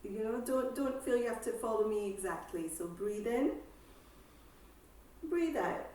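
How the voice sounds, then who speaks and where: Woman instructor, slow calm breath cues, kinda high voice, really echoey room, far from the mic. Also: slight background noise. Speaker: exercise instructor. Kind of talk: guided seated breathing exercise class.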